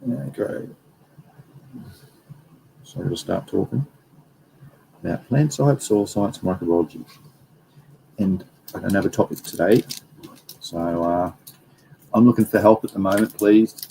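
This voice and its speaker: Aussie bloke rambling on his livestream, lowish warm voice, bit of hiss in the background. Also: unhurried, creaky, pauses often, rough recording. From Australia. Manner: rambling, reads out viewer comments. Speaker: livestream host. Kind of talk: casual livestream chat.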